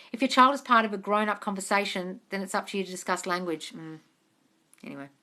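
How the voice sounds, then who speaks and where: A woman's voice: mid-range voice, expressive, brisk, bright, forceful tone. A woman with an Australian accent hosting a casual live-stream Q&A as a manifestation coach, reading out viewer comments. She talks bluntly, swears freely and calls her viewers darling. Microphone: phone on a live stream.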